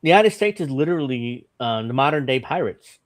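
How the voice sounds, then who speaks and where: A man hosting a casual political podcast, reading articles aloud and stopping often for fillers and offhand comments. His voice sits at an ordinary middle pitch. The sound is dry and close, with no room around it. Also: animated, no echo. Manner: reads articles haltingly with fillers and asides. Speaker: podcast host.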